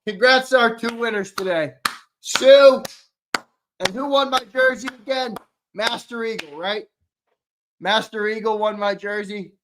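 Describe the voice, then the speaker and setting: A man's voice: high voice, a little slow, long pauses, noisy background. Playful, laughing live-stream host man. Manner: laughing, playful, reads chat aloud. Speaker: podcast host. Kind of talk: casual live-stream banter.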